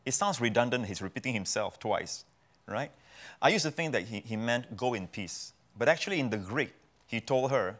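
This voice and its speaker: A man's voice: mid-range voice, expressive, moderate pace, a bit bright. A man from Singapore, preaching as a guest pastor on a TV talk show and repeating key phrases for emphasis.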